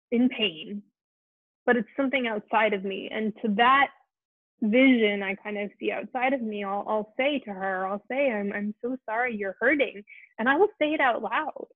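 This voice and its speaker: A woman hosting an online support Q&A, speaking in a gentle, earnest way with frequent restarts. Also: on the high side, no echo. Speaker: host of a support Q&A. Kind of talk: casual heartfelt talk to an online group. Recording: tinny phone-like line, very dry.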